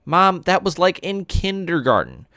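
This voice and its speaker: Woman doing an exasperated schoolboy, pitched up. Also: very animated, measured pace, a bit bright, no room sound, clean studio sound. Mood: insistent. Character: middle school boy, blunt, exasperated.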